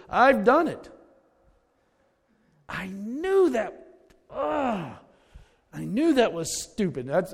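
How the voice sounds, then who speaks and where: A man's voice: on the high side, a little mellow, long reverb tail. A man preaching a sermon, emphatic, repeating his key words and calling his listeners folks.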